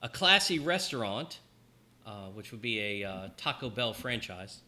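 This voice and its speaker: A man's voice: mid-range voice, big pitch swings, normal speed, bright, forceful tone. A man narrating as game master in a tabletop game, casual and rambling with many ums.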